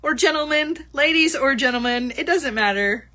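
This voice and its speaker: Laughing frequently, a middle-aged livestream shopping host chats casually about craft products. She speaks at a normal speed in a high, bright voice with a forceful tone.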